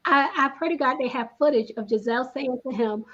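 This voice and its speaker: A woman's voice: sits high, a little fast, a bit bright, dull audio. A woman guest in a casual recap chat, talking emphatically and repeating her points. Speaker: guest commentator.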